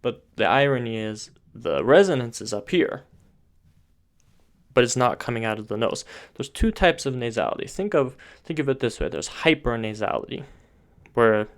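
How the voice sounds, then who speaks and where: A man's voice: mid-range voice, moderate pace, clear, resonant tone. A man giving an online voice lesson, explaining patiently step by step with occasional filler words. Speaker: voice teacher.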